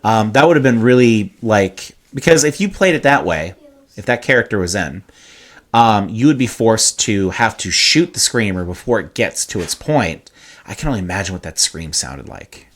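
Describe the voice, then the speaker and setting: Man, slightly low voice, casual podcast chat, wordy explainer, swears freely. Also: expressive, normal speed. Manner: explains game lore with hyperbole and cursing. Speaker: podcast co-host.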